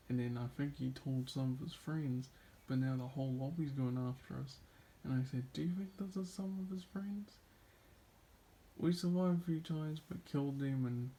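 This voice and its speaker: A man recounts gaming stories in a relaxed, rambling way, often restarting his sentences and filling gaps with "like." His voice is mellow and dark, sitting at an ordinary pitch. A faint hiss of noise lies under the recording. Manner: laughs between stories. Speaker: video creator reacting to a friend's clips. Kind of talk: casual storytelling.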